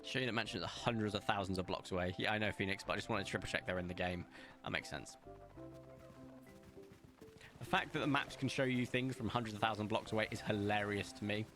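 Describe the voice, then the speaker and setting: Over background music, a young man gives brisk, casual commentary while streaming a game from home, the window open. He chats with his audience and makes fun of himself in a fairly low voice with fairly even intonation.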